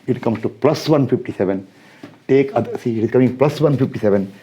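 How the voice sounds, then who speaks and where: A man's voice: medium pitch, warm tone, breathy edge. A man teaching structural engineering in a classroom lecture, working through calculations aloud step by step and checking in with his students. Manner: addresses students directly with quick checks. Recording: dull lo-fi recording.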